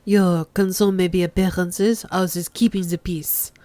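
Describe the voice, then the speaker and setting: A woman voicing a calm, level-headed male police lieutenant who reasons firmly. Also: fairly low pitch, unhurried, no echo, natural voice. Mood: earnest.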